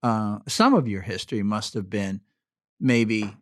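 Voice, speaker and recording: A man hosting a casual interview, curious and quick with follow-up questions. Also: fairly low pitch, a bit bright. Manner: curious, asks follow-ups, laughs easily. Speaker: interview host.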